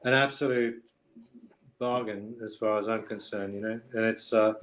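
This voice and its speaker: A man's voice: lowish voice, steady tone, moderate pace, fairly bright tone. A man speaks as a guest on a live wine show. He talks in an easygoing, friendly way and hedges his points. The sound comes through a video call. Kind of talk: casual chat on a video call.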